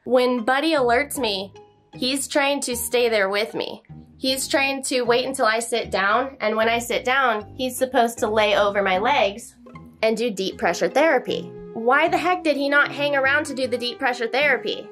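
A young woman tells a story straight to camera in a chatty, animated vlog style, sometimes turning to talk to her dog. Her voice sits a bit high. Soft music plays faintly underneath. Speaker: vlogger telling a story about her service dog.

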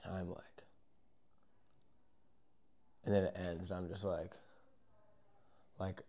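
A young man telling a casual, rambling story, acting out moments with yells and whispers. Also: low-pitched, flat delivery, takes it slowly, pauses often. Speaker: vlogger.

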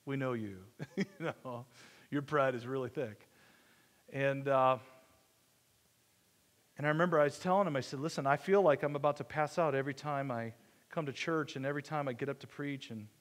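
A fairly bright, slightly high male voice belongs to a pastor giving a conversational sermon built around a personal story. He mocks himself good-naturedly and acts out each exchange, with the long reverb of a church hall around him.

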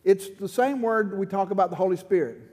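A man's voice: sits high, fairly quick, a little mellow. A middle-aged man preaching an impassioned sermon as pastor, building to fervent pleading. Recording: long hall reverb.

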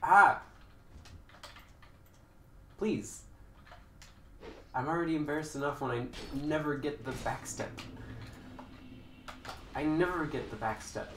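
A young man rambling and joking as he streams a game, now and then breaking into sudden loud outbursts. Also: fairly high pitch, unhurried, long pauses. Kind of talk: casual live-stream commentary. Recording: echoey room with faint noise.

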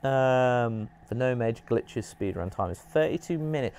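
Animated man commenting on a game. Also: mid-range voice, clear, resonant tone. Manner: chatty, animated, quick to laugh and react to the game. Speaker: streamer host. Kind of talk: live game-stream commentary.

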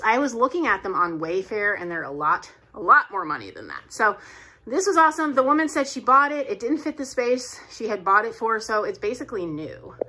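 A woman's voice: medium pitch, bright, forceful tone. A middle-aged woman chatting casually on camera at home, showing off her thrifted decor finds with plenty of enthusiasm. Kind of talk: casual vlog show-and-tell. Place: at home, moving between rooms and outdoors.

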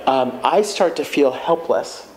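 A man's voice: medium pitch, a little slow, a little hiss or hum, low-quality recording. A man in conversation, speaking reflectively about feelings and telling personal stories. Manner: reflective, storytelling, animated quoting of himself. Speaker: guest speaker. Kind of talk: conversational talk.

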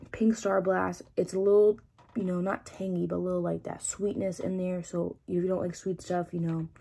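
Bubbly, rambling woman with a gravelly voice. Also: fairly low pitch, dark tone, a little hiss or hum. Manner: bubbly, rambling, lots of fillers. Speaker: vlogger reviewing supplements. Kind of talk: casual chat.

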